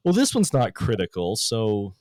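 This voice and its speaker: A man's voice: fairly low pitch, huge pitch swings, normal speed, a little mellow, slight background noise. A man co-hosting a podcast, chatting playfully and reading a rude listener letter aloud. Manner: playful, wisecracking. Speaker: podcast co-host. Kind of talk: casual chat, reading listener mail aloud.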